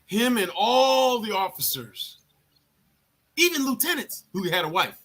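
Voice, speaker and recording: A man's voice: sits high, measured pace. A man, an army veteran, telling a story in a casual live chat. He swears freely and acts out what others said. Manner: profane, animated, acts out other people's lines.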